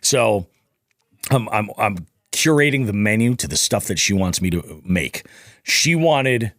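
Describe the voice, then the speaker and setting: A man's voice: fairly low pitch, a little slow, no echo, studio quality. A man guesting on a podcast, telling a casual, profane story and acting out what people said. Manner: animated, profane, acts out quoted dialogue.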